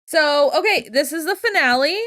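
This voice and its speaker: A woman's voice: high voice, expressive, normal speed, pushed and bright, no echo, clean studio sound. A young adult woman co-hosting a show recap, chatting casually and retelling scenes with quoted voices. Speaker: podcast co-host.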